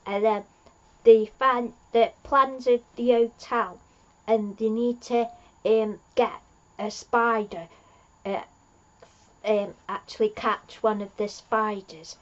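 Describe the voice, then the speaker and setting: A woman's voice: a little high, steady tone, takes it slowly, lo-fi sound. A woman recapping an episode in a rambling, chatty way, laughing at her own jokes. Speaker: fan reviewer.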